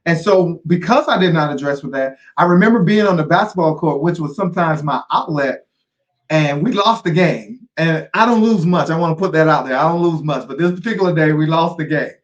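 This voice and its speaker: A man's voice: on the high side, fairly quick, dull audio. A middle-aged man speaking as an interview guest, sharing a personal story earnestly and repeating key phrases for weight.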